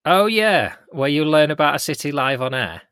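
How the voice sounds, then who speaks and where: Male podcast host, bright edge, low-set but lively pitch, wry mock-indignation, dry mic. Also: normal speed, clean tone, dry recording. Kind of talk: casual podcast chat.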